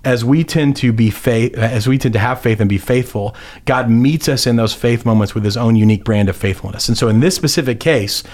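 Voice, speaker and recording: A man's voice: medium pitch, a little fast, a little mellow. Rambling man pastor in a Bible chat. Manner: rambling, many restarts and fillers, acts out quotes. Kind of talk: casual Bible discussion.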